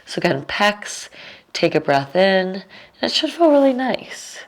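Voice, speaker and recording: A woman teaching a restorative yoga class, giving calm, unhurried cues with casual fillers. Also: medium pitch. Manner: slow, calm cueing with fillers. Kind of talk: guided yoga instruction.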